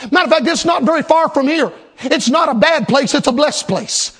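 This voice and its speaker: A man's voice: very high voice, fairly quick, a bit bright. A man preaching a sermon, with rhythmic, emphatic repetition and a storytelling turn.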